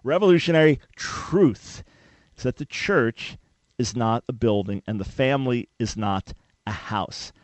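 A male talk radio host delivers an emphatic, preacherly teaching and builds to rhetorical questions. His voice sits at an ordinary middle pitch. The sound is dry and close with no room echo. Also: unhurried. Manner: emphatic, preacherly, quotes scripture.

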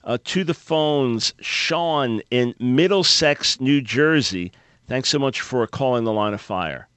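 An upbeat radio talk show host in his fifties takes calls in a dry studio on a studio microphone. His mid-range voice is clear, resonant, and a bit bright, with lively intonation and a slow pace; he's earnest and repeats words when restarting, with no room sound.

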